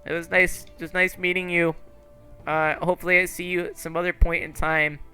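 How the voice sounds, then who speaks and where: A man voicing a smart-mouthed little boy with pointed ears, high-pitched and fast, in a tabletop game. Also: little pitch movement, sharp tone, smooth, soft background music. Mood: mocking. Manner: rude, rapid-fire taunting.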